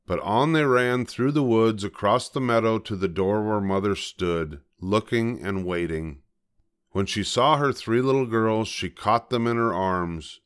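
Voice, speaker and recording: An older man reading a children's story aloud as storyteller, gentle and measured. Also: on the low side, clean tone.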